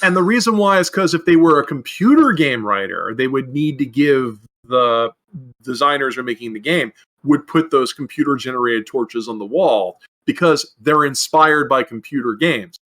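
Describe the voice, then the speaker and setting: Bright-voiced man rambling with restarts. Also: mid-range voice, animated, moderate pace. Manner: rambling, with frequent restarts and fillers. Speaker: podcast co-host and game designer. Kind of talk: casual discussion.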